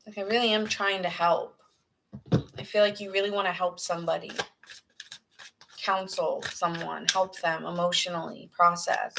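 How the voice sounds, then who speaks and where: A woman's voice: fairly low pitch, flat delivery, normal speed, creaky, noisy background. A woman giving a casual tarot reading, earnest and rambling, sometimes dropping into whispered asides. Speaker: tarot reader.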